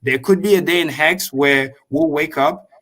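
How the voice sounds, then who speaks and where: Excitable, profane man on a crypto stream. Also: on the high side. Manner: excitable, profane, repeats points slowly for emphasis. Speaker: crypto show guest. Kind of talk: animated livestream explanation.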